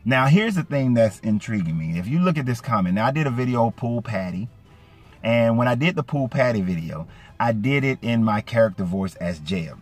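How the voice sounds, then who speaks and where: A man from Atlanta with a light Southern accent, giving casual, emphatic commentary to his viewers. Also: moderate pace. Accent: light Southern US (Georgia). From Atlanta, Georgia. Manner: animated, emphatic, swings from low asides to raised indignant peaks. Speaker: YouTube commentator. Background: faint background music.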